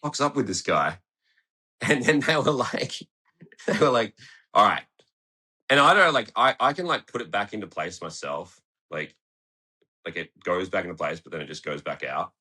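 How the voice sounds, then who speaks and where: A man's voice: on the low side, moderate pace, bright, forceful tone, breathy edge. An Australian man from Tasmania telling a story in a casual studio interview, laid-back, swearing often and laughing as he talks. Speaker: guest skateboarder. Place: podcast studio.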